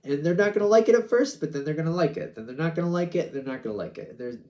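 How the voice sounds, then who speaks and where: A man's voice: a little high, animated, very fast, warm tone. Rambling, hedging male tarot reader. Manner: rambling and hedging, with many "like"s and disclaimers. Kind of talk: casual spoken tarot reading.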